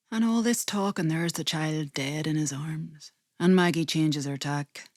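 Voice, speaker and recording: A woman performing a dramatic spoken-word story with slow, theatrical delivery. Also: low voice.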